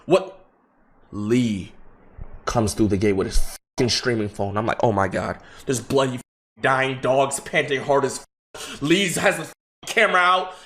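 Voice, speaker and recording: A young streamer tells his chat a meandering story, swearing constantly and stopping to restart his sentences. His voice sinks low and quiet, then climbs loud and high.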